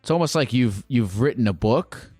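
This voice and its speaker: A man's voice: mid-range voice, animated, normal speed, darkish tone, breathy edge, no echo, faint music behind. A man hosting a call-in advice show, talking casually with a caller in a rambling, self-aware way.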